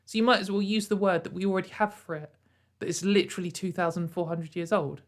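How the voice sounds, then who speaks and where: A woman's voice: lowish voice, steady tone, quick pace. A woman hosting a casual commentary show, mocking what she reads out and laughing often. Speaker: commentary channel host.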